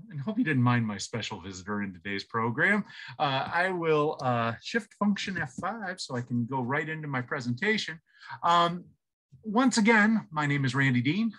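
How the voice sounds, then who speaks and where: A man's voice: a little high, sharp tone, low-quality recording. A middle-aged man giving a casual, chatty tutorial and telling a story in an upbeat way, speaking from a home office into a computer microphone. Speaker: productivity trainer.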